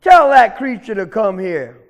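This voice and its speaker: A man's voice: high voice, very animated, normal speed, creaky, exaggerated voice. Man doing a vain bully alligator. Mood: commanding. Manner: blustering, menacing. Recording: echoey hall reverb.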